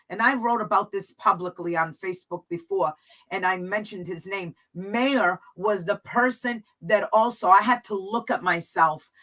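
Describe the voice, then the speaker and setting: A woman's voice: medium pitch, pushed and bright, rough recording. A woman hosting a talk show, speaking earnestly and from the heart as she shares her own story with her guest. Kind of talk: talk show conversation, personal testimony.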